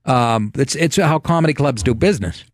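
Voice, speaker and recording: Profane, sarcastic middle-aged comedian host. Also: male voice, mid-range voice, lively intonation, normal speed, no echo, studio quality. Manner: profane, sarcastic rants with frequent laughs. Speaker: host of a comedy talk show. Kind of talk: comedic radio show banter.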